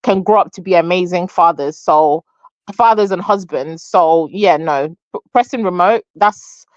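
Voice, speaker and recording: A woman's voice: lowish voice, a little slow, no echo. A woman who is a parent of sons, speaking as a guest in a plain, matter-of-fact way. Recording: dull, dry lo-fi audio.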